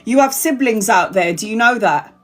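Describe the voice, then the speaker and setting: Woman, tarot reader, live-stream reading, a touch high-pitched, chatty, blunt, swears, calls people honey. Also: expressive, normal speed, faint music behind. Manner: addresses viewers as honey and sweetheart.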